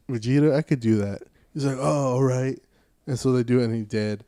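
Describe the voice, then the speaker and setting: A man chatting on a podcast, his voice warm and mellow against a dry, close microphone. He retells stories loosely, dropping into quick offhand character quotes. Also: mid-range voice, no echo. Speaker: podcast co-host. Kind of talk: casual chat.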